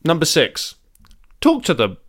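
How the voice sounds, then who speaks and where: A man's voice: a little high, wildly swooping pitch, unhurried, fairly bright tone. A man co-hosting a comedy podcast, casually reading out an article and joking around. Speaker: podcast co-host.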